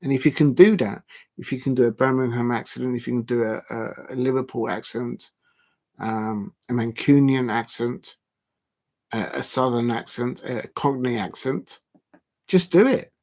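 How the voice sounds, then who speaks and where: A man's voice: medium pitch, steady tone, moderate pace, darkish tone. A man, hosting a casual live stream, talking in a rambling, blunt way with many ums and restarts. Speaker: livestream host.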